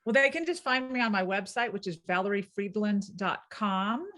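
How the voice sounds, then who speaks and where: A woman linguist with a subtle Southern US accent, explaining clearly and laughing easily in a podcast interview. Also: medium pitch, moderate pace, fairly bright tone. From American South. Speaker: linguist guest.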